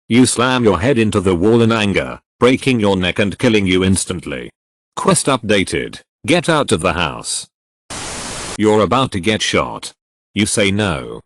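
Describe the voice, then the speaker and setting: A man reading funny text-adventure stories aloud with deadpan punchline delivery. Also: lowish voice, dry recording. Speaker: narrator.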